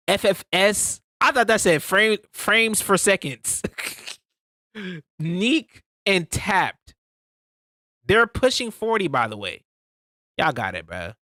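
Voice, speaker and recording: A man's voice: high voice, pushed and bright, no echo, studio quality. A man streaming, reacting to a clip in a casual, slangy way, often laughing.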